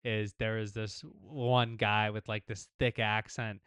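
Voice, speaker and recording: A man co-hosting a casual sports podcast, chatting in a relaxed way with lots of "yeah" and filler words. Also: fairly low pitch, a little slow, clear, resonant tone, dry recording, studio quality. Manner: laid-back, fillers and frequent "yeah" agreement. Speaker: podcast co-host.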